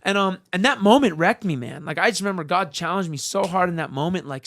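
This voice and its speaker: A man's voice: high voice, expressive, a little fast, few pauses, fairly bright tone. A man, a magician and guest, telling a personal story in an earnest, casual way, with many "like" and "um" fillers.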